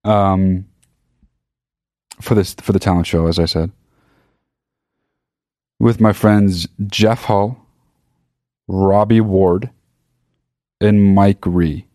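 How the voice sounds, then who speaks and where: An adult man tells a comedic story in a rambling, sarcastic monologue, swearing freely, mocking himself and often interrupting himself to make corrections. His voice is low and warm with a steady tone, very slow with frequent pauses. The studio recording is clean, with no echo.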